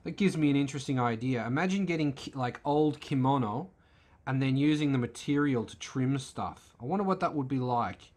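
A man's voice: medium pitch, lively intonation, brisk, a little mellow. A man hosting a car channel, giving laid-back, wry, opinionated commentary as he flips through a magazine.

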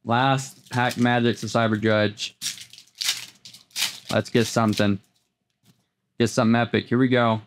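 A man hosting a card pack opening, talking casually as he flips through cards, often repeating words and jumping into excited highs. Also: measured pace, long pauses, a little hiss or hum. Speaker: host opening trading card packs. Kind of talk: casual unboxing commentary.

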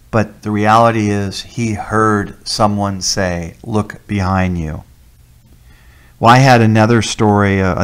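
A man with a fairly low voice gives a sermon as a deacon. He tells miracle testimonies in a lively, emphatic way and hammers home key phrases by repeating them. His delivery sounds like a personal story shared from the pulpit. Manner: animated storyteller, emphatic repetition.

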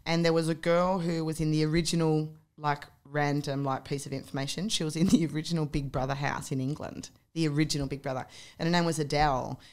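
Low-voiced chatty woman. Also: level tone, fast talker, few pauses, darkish tone. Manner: chatty storyteller, lots of "like" and "um". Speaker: podcast guest, fitness competitor. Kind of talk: casual chat.

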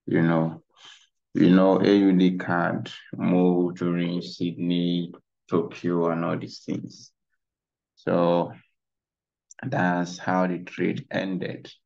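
Deep, gravelly, and a little mellow, a man's voice carries a casual screen-share tutorial on trading charts. This trading instructor rambles, says "you know" often, and is captured through a dull lo-fi mic.

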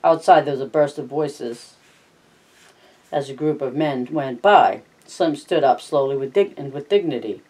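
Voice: mid-range voice, moderate pace, a little mellow, breathy edge, far from the mic, low-quality recording. A reader narrating a novel aloud for a study guide, adding brief remarks of their own. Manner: plain reading with brief remarks. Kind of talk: reading aloud with personal asides.

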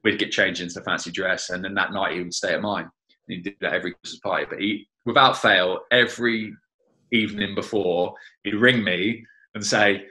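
Deep, bright-toned man reminiscing. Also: little pitch movement, fast, rough recording. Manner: chatty, fills with "you know" and "like that, like". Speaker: former teammate. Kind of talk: reminiscing interview.

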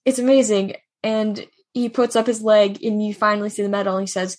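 A woman co-hosts a casual podcast, retelling comic panels with relish and laughing along. Her voice sits at a middle pitch with a slightly husky edge. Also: a little fast. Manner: animated storyteller, acts out quoted lines, laughs often. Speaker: podcast co-host. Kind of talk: casual chat retelling manga scenes.

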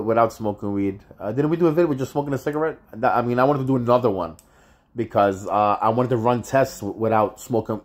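A man with a very low voice is vlogging to his viewers, plainly upset and frustrated. He rambles and halts, filling gaps with "you know" and "uh" and restarting his thoughts. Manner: halting, many fillers and restarts. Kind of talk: casual vlog monologue.

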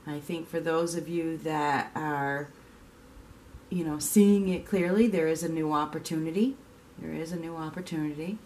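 This woman's voice sits low and sounds a little mellow, moving at normal speed over slight background noise. During her casual tarot reading she chats, repeats herself, and performs the reactions she's quoting.

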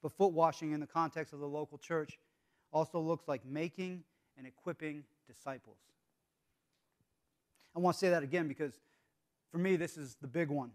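A man preaching a sermon as pastor, earnest, swinging between hushed, intimate lines and emphatic calls to the congregation. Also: fairly high pitch, steady tone, moderate pace, long pauses.

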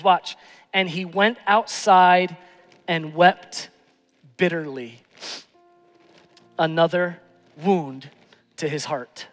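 High, bright-voiced preacher man. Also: big-room sound. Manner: dramatic shifts between hushed intimacy and loud emphasis. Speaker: pastor. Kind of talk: sermon. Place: church sanctuary.

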